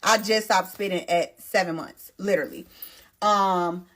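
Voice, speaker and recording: A woman, telling her own story to viewers in a chatty, animated storytime vlog. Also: on the low side, a little slow. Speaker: vlogger.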